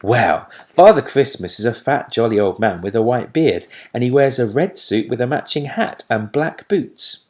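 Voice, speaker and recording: A man's voice: expressive, moderate pace, hardly any pauses, darkish tone, natural voice. A man playing a bossy little know-it-all girl. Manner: high, matter-of-fact, know-it-all. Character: bossy, proud little schoolgirl.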